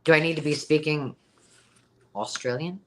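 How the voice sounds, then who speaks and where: Rambling and full of ums, this middle-aged woman chats her way through a live-stream sale. She speaks low and steady at a moderate pace, with a little hiss or hum in the recording.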